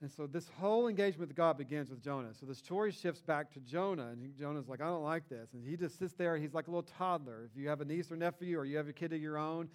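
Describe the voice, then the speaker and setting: A middle-aged male pastor preaching a sermon in a high-pitched voice. He keeps it conversational, stressing points with lively emphasis as he retells a story. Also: fast, few pauses.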